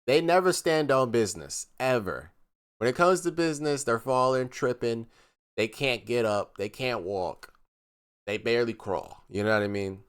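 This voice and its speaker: A man streaming live, reacting to text messages in casual commentary, mocking and animated, reading quotes in a flat voice. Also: medium pitch, moderate pace, clear, resonant tone.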